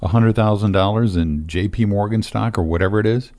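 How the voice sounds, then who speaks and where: Low-voiced man explaining finances. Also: brisk. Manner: explanatory, steady, with frequent fillers. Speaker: financial advisor. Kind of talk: casual radio talk show chat.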